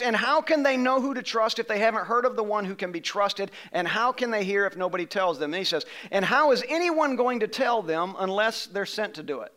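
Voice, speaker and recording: High, bright-voiced male pastor preaching. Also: lively intonation, a little fast, few pauses. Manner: emphatic, rising to shouts on key phrases; leads call-and-response with the congregation. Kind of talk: sermon. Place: church sanctuary.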